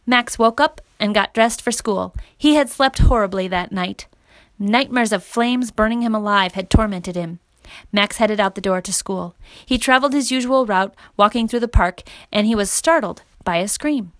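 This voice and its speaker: A woman reading a children's story aloud as narrator, in a steady, clear manner. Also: a little high, normal speed, dry recording.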